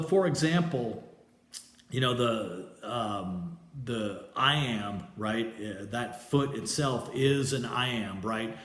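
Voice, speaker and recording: A male teacher talks through a lesson at a slow, unhurried pace, in a middle-pitched voice. He hesitates often, restarts phrases and keeps checking in with his listeners. The sound carries a noticeable room echo. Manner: hesitant, many fillers and restarts; explanatory, checks in with "right?". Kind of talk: recorded class lecture. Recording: echoey room.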